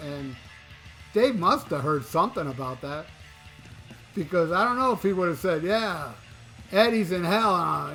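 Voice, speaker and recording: A man's voice: sits high, a bit bright. A man giving casual rock news commentary as a YouTuber, profane and mocking, often chuckling.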